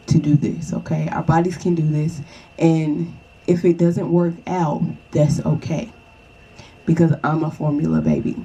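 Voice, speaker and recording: A woman's voice: deep voice, dark tone, husky, rough recording. A young woman chatting casually and reassuringly to the viewer, often checking in with "okay?". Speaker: vlogger. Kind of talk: casual advice chat.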